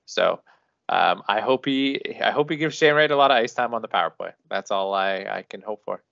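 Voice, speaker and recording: A man's voice: lowish voice, brisk, gravelly, fairly bright tone, dry recording. A man co-hosting a hockey podcast in a laid-back, dry-humored way, with frequent restarts. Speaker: podcast co-host. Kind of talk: casual sports chat. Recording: dull dry lo-fi sound.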